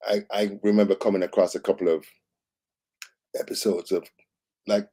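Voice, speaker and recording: A male co-host on a morning news show with a deep, low voice and a mellow, dark tone. He talks in a relaxed, conversational way, sometimes stammering and restarting before making his point. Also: normal speed, husky. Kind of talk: casual talk-show commentary.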